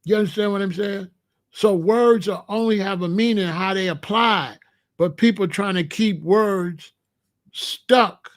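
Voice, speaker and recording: A man's voice: high-pitched, measured pace. A man hosting a livestream, lecturing viewers in chat in a preachy, repetitive way. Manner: preachy, lecturing, repeats phrases. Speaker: host.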